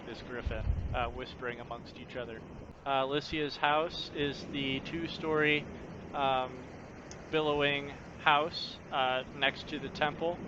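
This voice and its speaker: Male game master, rambling casual narration, middle pitch, lo-fi. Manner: rambling, with many fillers and casual swearing. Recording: muffled lo-fi recording with steady background noise.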